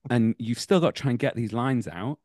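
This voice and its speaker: A young man with a Manchester accent, an actor and acting teacher, telling animated backstage anecdotes in a casual interview and laughing as he goes. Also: mid-range voice, fairly quick, dry recording, studio quality. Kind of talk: casual podcast interview, storytelling.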